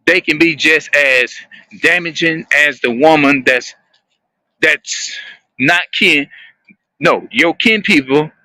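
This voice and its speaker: Halting, rambling man with a bright voice. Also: on the high side, dry recording. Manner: halting, repeats and restarts phrases, searches for words. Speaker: streamer talking to viewers. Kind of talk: rambling casual monologue.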